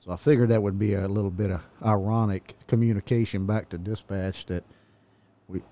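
Low, dark-voiced police officer storyteller. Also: male voice, steady tone, brisk. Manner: chuckling, meandering anecdote-telling. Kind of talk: casual storytelling chat.

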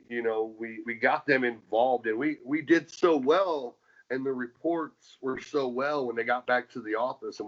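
A man and former wrestler, telling stories from his career in a casual interview, rambling with many restarts and fillers and getting animated as he retells things. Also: medium pitch. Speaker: former pro wrestler, guest. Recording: dull lo-fi sound.

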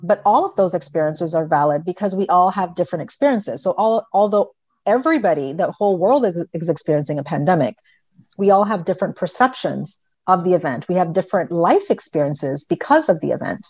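A middle-aged woman, a pediatric psychologist, talking in an interview and telling stories with lively quoted voices of her kids. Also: on the low side, brisk, breathy edge, no room sound. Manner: animated storyteller, voices her children in quotes. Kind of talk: conversational interview. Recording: dry, dull lo-fi remote audio.

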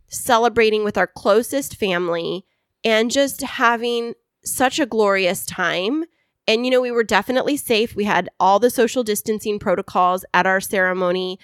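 A woman's voice: mid-range voice, smooth, no echo, studio quality. Bubbly woman co-hosting a podcast. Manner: bubbly, affectionate, laughs often. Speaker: podcast co-host. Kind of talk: casual chat.

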